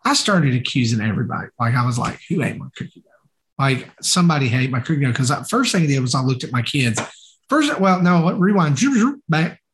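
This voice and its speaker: A man's voice: medium pitch, fairly quick. A man co-hosting a podcast, telling a story in casual chat, full of fillers, acting out what people said. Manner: animated, acts out quoted dialogue, many fillers. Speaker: podcast co-host.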